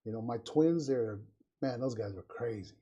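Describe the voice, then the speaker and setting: Dark, husky man in lo-fi sound. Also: mid-range voice, moderate pace. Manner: affirming, reflective, says "right" often. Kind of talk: casual chat. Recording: dull lo-fi sound.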